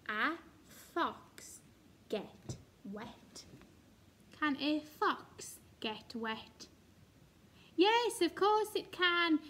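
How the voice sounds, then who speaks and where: A woman's voice: a little high, a little hiss or hum. A woman teacher giving a recorded phonics lesson to young children, sounding out letters and praising in a sing-song, encouraging way. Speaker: reception class teacher.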